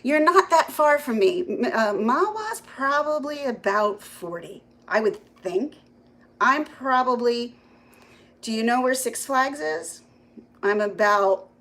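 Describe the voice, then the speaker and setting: A woman's voice: fairly high pitch, lively intonation, a little slow, a bit bright, rough recording. A middle-aged woman, chatting casually on a live stream from her phone at home, greeting viewers by name and laughing often. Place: home kitchen.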